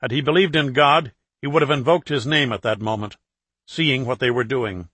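A man with a mid-pitched voice narrates a thriller audiobook. His reading is steady and measured. The recording is dry, with no room sound. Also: no echo.

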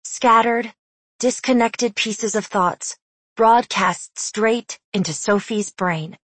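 A woman narrating an audiobook in a measured, hushed, deliberate way on a close studio mic. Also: medium pitch, breathy edge, no room sound.

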